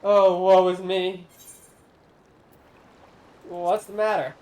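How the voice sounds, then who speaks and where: A woman's voice: on the low side, little pitch movement, drawn-out words, darkish tone, low-quality recording. A woman voicing an ancient, lonely corn spirit in a game, reading its solemn, archaic lines aloud on stream. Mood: mournful. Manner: archaic, solemn, theatrical speech.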